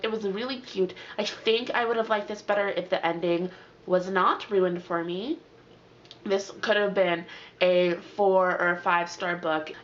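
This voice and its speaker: A young woman chatting through a review of the books she has read lately, acting out her reactions and leaning on "like" a lot. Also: medium pitch. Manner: chatty, animated, lots of "like" and quoted reactions. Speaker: book reviewer. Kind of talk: casual book review monologue. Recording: slightly dull lo-fi audio.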